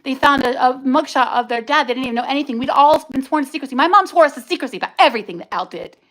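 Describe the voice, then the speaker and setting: A woman with a high, slightly bright voice speaks expressively and rapid-fire on a low-quality livestream recording. As host, she delivers an emotional, angry and raw personal testimony, full of curses and bursts of speech.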